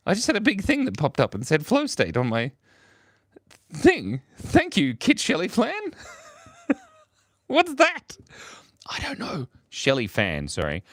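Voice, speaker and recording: A man's voice: mid-range voice, dry recording, studio quality. An Australian man chatting casually on a drawing livestream, playful and reading out viewer comments. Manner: playful, reads viewer comments aloud, laughs often. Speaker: livestream artist.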